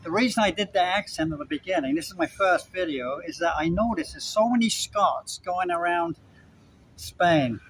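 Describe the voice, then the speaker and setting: A man's voice: high-pitched, moderate pace, fairly bright tone, a little hiss or hum, poor audio. An older man, casually rambling to camera with chatty asides and repetitions. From Britain. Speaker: vlogger.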